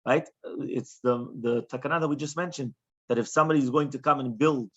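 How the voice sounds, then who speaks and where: A man, a rabbi, teaching a Talmud class in an animated way, often checking in with questions. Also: medium pitch, a little fast. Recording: dull lo-fi recording.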